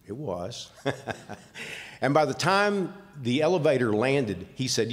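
A man's voice: mid-range voice, sing-song, takes it slowly, long pauses. An older man with a Southern US accent, speaking at an awards ceremony in a plainspoken, folksy storytelling manner. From Southern United States. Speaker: award recipient speaking for his wife. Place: large convention hall. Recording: reverberant hall sound.

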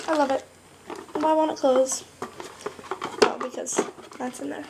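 A bubbly seventeen-year-old rambles on a laptop mic at home, her casual vlog packed with "like." The voice is high with vocal fry and fairly even intonation, moving a little slowly with long pauses, and the recording is very noisy.

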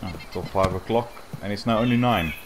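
A man casually commenting on his hunting game in a soft, slightly awkward, rambling way. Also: fairly low pitch, fairly quick, background noise. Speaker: gaming channel host.

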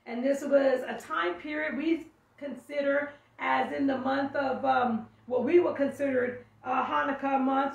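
A woman's voice: sits high, gravelly. A woman teaching a sermon, reading scripture aloud and stopping to explain it, often calling out. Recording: echoey room, mic far off.

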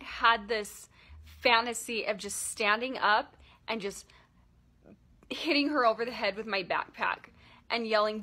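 Tearful woman vlogging a personal story, bright lively voice, keeps saying like, kinda halting. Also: on the high side. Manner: emotional, halting, many "like" fillers.

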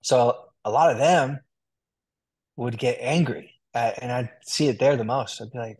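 A young adult man as an interview guest, talking in a relaxed, chatty way full of "like" and "dude". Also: mid-range voice, measured pace. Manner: relaxed, talkative, fillers like "like" and "dude". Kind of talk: casual interview.

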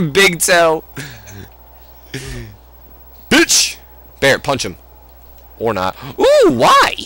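A man casually chatting while playing a wrestling video game, swearing loudly in excited outbursts. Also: medium pitch. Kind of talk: profane casual let's-play chat.

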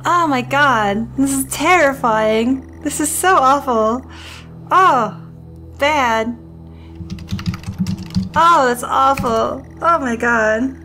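A woman with a fairly high voice talks slowly and jumpily as she streams a horror game. She swears under her breath, laughs nervously and reads game text aloud from her desk mic, with faint music playing underneath. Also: bright, forceful tone. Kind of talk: live gameplay commentary.

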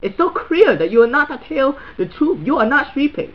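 Very animated and fairly quick, a man delivers a comedic monologue in an extremely high pitch, captured on a muffled recording. He plays a crude, blunt middle-aged Chinese man new to social media, ranting hard in broken English with stuttering repeats.

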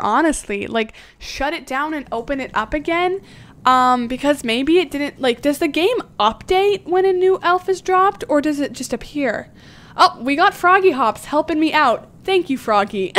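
A young woman livestreaming a game, chatting casually, thinking aloud and giggling often as she reads her chat. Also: high-pitched.

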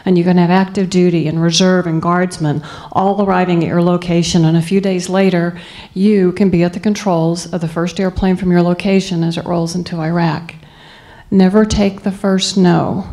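A woman's voice: fairly low pitch, little pitch movement, fairly quick, warm tone. A woman in her fifties from Southeast Texas, giving a motivational speech to students and telling her story in an earnest, emphatic way. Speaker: guest speaker.

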